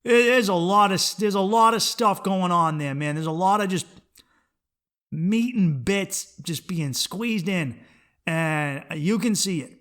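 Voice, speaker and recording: This is a man with a high, bright-pitched voice, running his own podcast as a comedian. He talks in a rambling, profane comic monologue, dropping into low mutters and then jumping up into excited bursts. He often stumbles and repeats words as he restarts a thought. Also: takes it slowly.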